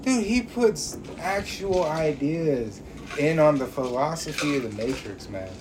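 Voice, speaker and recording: A man in casual chat, telling stories in a profane, animated, riffing way. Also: a little high, a little slow. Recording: noisy recording.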